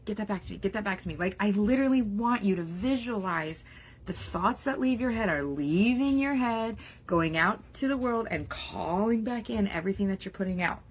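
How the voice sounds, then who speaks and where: Husky-voiced woman giving an animated pep talk. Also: medium pitch. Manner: animated, acts out worried inner voices, many "like" fillers. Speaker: business mindset coach. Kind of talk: casual motivational talk to camera.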